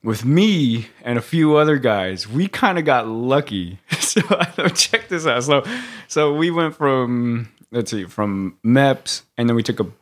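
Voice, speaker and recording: A man's voice: mid-range voice, expressive, slow, few pauses. A man telling stories in a casual podcast chat, laughing often and swearing casually as he recounts events. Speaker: podcast co-host.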